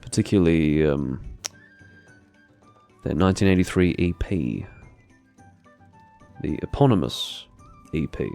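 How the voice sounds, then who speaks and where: A man giving relaxed, rambling commentary while playing a game live, with dry, self-deprecating asides. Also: rumbling low, a little slow, gravelly, pauses often, soft background music. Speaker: gaming streamer.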